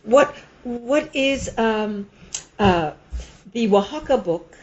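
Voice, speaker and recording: A woman hosting an interview podcast, speaking in a measured, formal, slightly halting way. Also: fairly high pitch, animated, a little mellow. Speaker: podcast host. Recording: dull, lo-fi sound.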